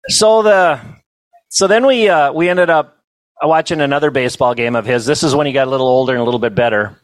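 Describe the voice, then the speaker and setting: A middle-aged man telling funny stories at a banquet, in a folksy, self-amused way with quick asides to the crowd. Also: medium pitch, no room sound, poor audio. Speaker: banquet storyteller and comedian. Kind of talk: humorous storytelling to a live audience.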